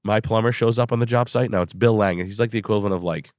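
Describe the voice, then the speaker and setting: A man's voice: fairly low pitch, racing, darkish tone, dry recording, clean studio sound. A man co-hosting a podcast, telling rambling, profane stories in casual chat and acting out other people's lines. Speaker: podcast co-host.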